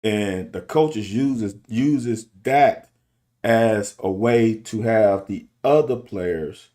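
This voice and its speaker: A man's voice: fairly low pitch, extremely slow, mellow. A middle-aged man and football coach talking candidly in a casual monologue, restarting and repeating himself to make his point. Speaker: football coach and show host. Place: car.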